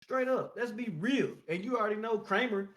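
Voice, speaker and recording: A man co-hosting a podcast in casual chat, animated and full of profanity, with loud outbursts. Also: high voice, moderate pace. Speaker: podcast co-host.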